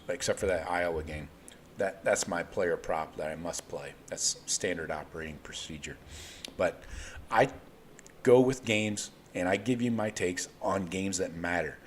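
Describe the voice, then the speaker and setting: A man hosting a live sports betting show, rambling casually and swearing freely. His voice sits on the low side. A faint room noise runs underneath. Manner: loose, rambling, profane. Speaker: host.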